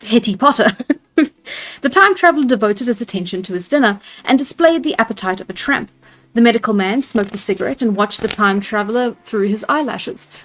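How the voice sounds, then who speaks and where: A woman with a slightly high voice reads a classic novel aloud a little fast during a live stream. Between passages she giggles at her own character voices, and soft background music plays.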